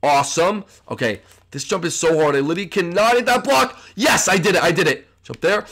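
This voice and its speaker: A man hosting a gaming channel, giving excitable gameplay commentary and talking straight to his viewers. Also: high-pitched, a little fast. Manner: excitable, keeps addressing viewers as "guys".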